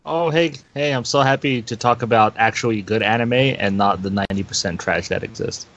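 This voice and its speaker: A man's voice: on the low side, a little fast, a bit bright, dull audio. Teasing man on a podcast panel. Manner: teasing, laughs a lot. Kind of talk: casual chat.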